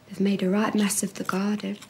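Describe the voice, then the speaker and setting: A woman's voice: medium pitch, flat delivery, fairly quick, darkish tone, a little hiss or hum, lightly acted. An actress playing a caring, blunt young pregnant woman in a TV comedy-drama, talking in a direct, earnest way. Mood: concerned.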